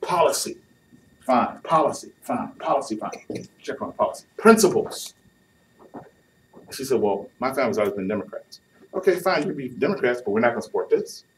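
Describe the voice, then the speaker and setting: A man's voice: mid-range voice, animated, brisk. A man giving a youth talk on marriage, playful and acting out what couples say, with a live audience. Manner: playful, acts out couples' lines with audience laughter. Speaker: youth speaker. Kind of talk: sermon. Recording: distant mic with faint noise.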